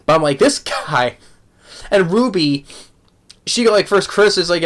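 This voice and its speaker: A man giving a casual spoken anime review, halting with many restarts and repeated words, laughing often. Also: sits high, big pitch swings, fairly bright tone. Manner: laughs often while talking.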